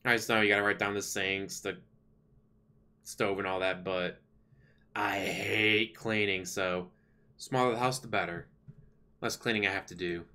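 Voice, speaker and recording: A man's voice: on the low side, steady tone, measured pace, pauses often, bright, forceful tone. A man hosting a livestream, chatting casually and sarcastically while complaining. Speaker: livestream host. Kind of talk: casual rambling chat.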